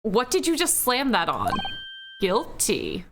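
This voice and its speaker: A woman streaming a game, reacting with swearing, laughter and loud outbursts. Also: fairly high pitch, sing-song, slow, noisy background. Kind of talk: let's play commentary. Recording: loud game music behind.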